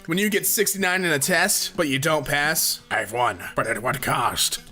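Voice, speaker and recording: Man reading meme jokes, crisp bright tone, deadpan delivery, light music bed. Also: fairly high pitch, normal speed. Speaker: narrator of meme compilation. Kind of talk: reading memes aloud. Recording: faint music behind.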